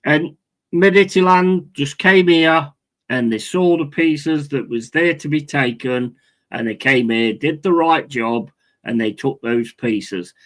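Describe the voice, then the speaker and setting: A man's voice: mid-range voice, low-quality recording. A man hosting a football watch-along stream, ranting angrily and swearing constantly while he answers viewers. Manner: swears constantly, repeats himself, chats with viewers. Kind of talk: angry live-stream rant.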